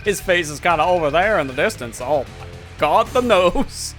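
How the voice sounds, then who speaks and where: A man's voice: sits high, expressive, moderate pace, fairly bright tone. A man streaming a video game live, joking and laughing often as he comments. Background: game music.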